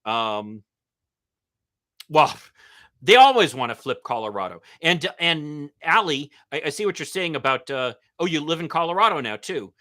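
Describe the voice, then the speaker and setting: A man hosting a live-stream Q&A as a political commentator, answering viewer comments in a halting way with many ums and uhs. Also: fairly high pitch, lively intonation, sharp tone. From Michigan. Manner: halting, with frequent um and uh fillers.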